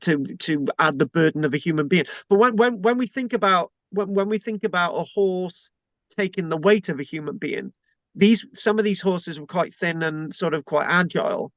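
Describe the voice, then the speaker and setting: A man's voice: high-pitched, normal speed, fairly bright tone, dry recording, muffled recording. Chatty British man lecturing online. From Britain. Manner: chatty, joking, frequent restarts. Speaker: lecturer hosting an online class. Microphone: video call.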